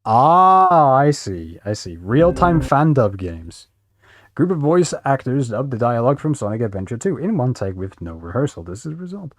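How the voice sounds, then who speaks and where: A man's voice: medium pitch, big pitch swings, moderate pace, no room sound, studio quality. A male streamer casually reacting to videos, laughing and swearing.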